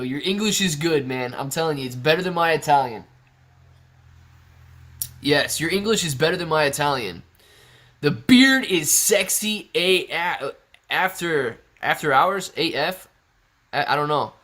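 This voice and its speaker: A man's voice: on the high side, fairly bright tone. Laid-back man hosting a stock livestream. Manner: chatty, laid-back, often laughing, says "man" and "bro". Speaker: stock livestream host reading chat. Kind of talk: casual livestream Q&A.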